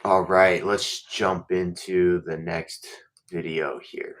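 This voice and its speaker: A man's voice: deep voice, little pitch movement, takes it slowly. A man giving blunt, teasing trash-talk commentary on match videos as co-host. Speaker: judo co-host.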